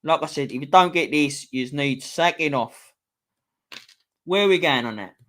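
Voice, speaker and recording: A man's voice: on the high side, expressive, moderate pace, fairly bright tone. A man with a London accent, hosting a casual live-stream quiz, chatty and teasing, swearing freely. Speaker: host reading a quiz to a live chat.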